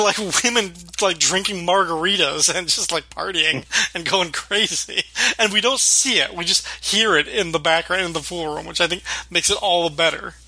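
A man's voice: high-pitched, sharp tone, dry recording, rough recording. A man co-hosting a podcast, casually retelling sitcom scenes with frequent laughter and acted-out quotes. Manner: laughs often while retelling scenes, acts out quoted lines. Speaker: podcast co-host. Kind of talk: casual podcast chat recapping a sitcom episode.

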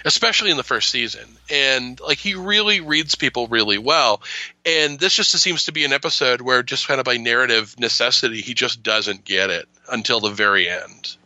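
A man's voice: medium pitch, moderate pace, pushed and bright, lo-fi sound. A man co-hosting a podcast, chatting about a TV episode with enthusiasm. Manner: enthusiastic, gushing. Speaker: podcast co-host. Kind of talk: casual TV rewatch discussion.

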